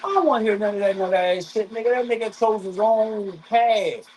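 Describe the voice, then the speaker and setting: High-voiced man venting casually. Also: a little fast, darkish tone, slight background noise, low-quality recording. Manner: rambling, profane venting with many restarts. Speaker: live craps streamer. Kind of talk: casual chat while gambling.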